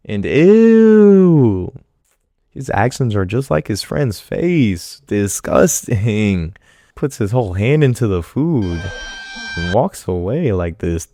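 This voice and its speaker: A man giving a casual reaction commentary on a TV drama, animated and joking, with slangy talk. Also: on the low side, a little slow, no echo, clean studio sound.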